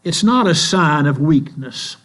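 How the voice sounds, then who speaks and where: An older man preaching a sermon in a church, telling stories in a slow, earnest way. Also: fairly high pitch, animated, fairly bright tone. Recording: mains hum in the background.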